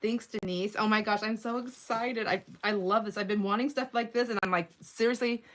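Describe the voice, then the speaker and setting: A woman's voice: medium pitch, steady tone, brisk, fairly bright tone. A woman in her sixties hosting a crafting livestream, chatting casually and giggling as she narrates each step of her work. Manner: chatty, giggly, thinks aloud while working.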